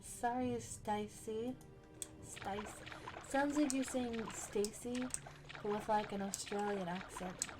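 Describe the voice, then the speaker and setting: A woman's voice: on the high side, measured pace. Chatty woman playing a game. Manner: chatty, thinking aloud while playing. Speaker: gaming channel host. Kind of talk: casual game commentary. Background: game music and keyboard typing.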